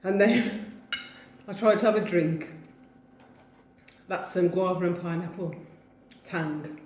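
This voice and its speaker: Eating as she talks to camera from home in Jamaica, a woman in her fifties rambles and laughs often in a Wolverhampton English accent. The vlogger speaks at a slow pace in a lowish, slightly mellow voice. The room is echoey, with slight background noise.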